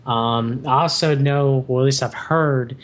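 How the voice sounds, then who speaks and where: A man's voice: mid-range voice, steady tone, a little slow. A man on a podcast as a guest, explaining things in long, winding runs of casual chat.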